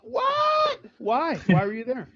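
Teasing, lively man host. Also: very high-pitched, gravelly, dry recording, dull audio. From Pennsylvania. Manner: jokey, teasing, quick reactions. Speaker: podcast host. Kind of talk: casual podcast chat.

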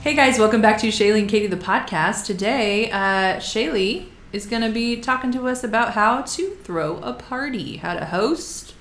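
A woman in her thirties co-hosting a podcast in casual, comedic chat, playful and quick to laugh. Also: on the high side, a bit bright, soft background music. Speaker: podcast co-host.

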